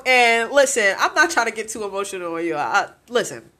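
A woman in her twenties hosts a candid, confessional podcast, speaking bluntly, profanely, and from the heart. Her voice is a little high and fairly bright, with lively intonation, a fairly quick pace, and hardly any pauses.

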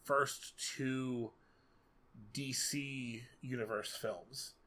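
A man's voice: medium pitch, steady tone, extremely slow, pushed and bright. A man co-hosting a podcast, talking about movies in a casual, rambling way, with many fillers and lots of animation. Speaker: podcast co-host. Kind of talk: casual film discussion.

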